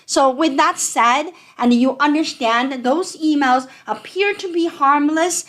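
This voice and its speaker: Brief: accented woman accountant, high voice, animated and chatty teaching style. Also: slow pace. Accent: non-native. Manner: conversational, animated, explanatory. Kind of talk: educational talk.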